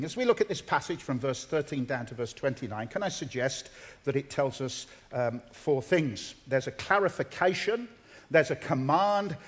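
A man delivering a sermon to a congregation in an earnest, emphatic way, repeating key phrases for weight. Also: mid-range voice. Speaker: preacher.

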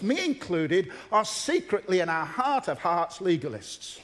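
A man's voice: high voice, sing-song, normal speed, few pauses. A man delivering a sermon to a congregation in an earnest, emphatic way, repeating key phrases for weight. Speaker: preacher.

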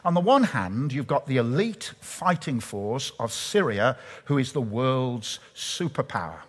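A man preaching a sermon, telling stories animatedly and dropping to a hush at times. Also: medium pitch, measured pace, breathy edge. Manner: animated storytelling, shifts from hushed to loud. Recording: long reverb of a large hall.

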